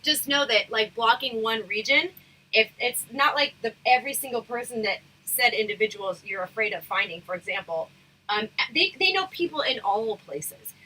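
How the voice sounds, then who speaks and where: A woman hosting a casual livestream chat, talking frankly and rambling with lots of fillers, her voice going hoarse. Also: fairly high pitch, sharp tone, low-quality recording. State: losing her voice, throat irritated. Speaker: livestream host.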